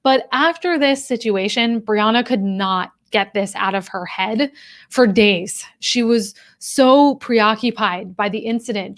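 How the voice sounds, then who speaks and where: A woman's voice: fairly high pitch, a bit bright. Woman coaching viewers on a live stream. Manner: direct, conversational, addresses viewers. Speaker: career coach and professor of human behavior.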